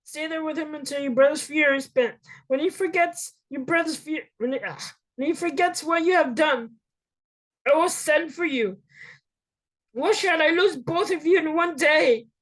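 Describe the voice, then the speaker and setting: Woman doing worried mom, urgent and insistent, high voice. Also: moderate pace, lightly acted, low-quality recording. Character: anxious mother urging her son to flee.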